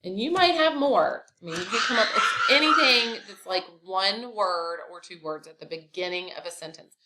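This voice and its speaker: A woman's voice: medium pitch, normal speed, sharp tone, slight background noise. A woman teaching a grammar lesson, explaining each step in a chatty way with casual asides.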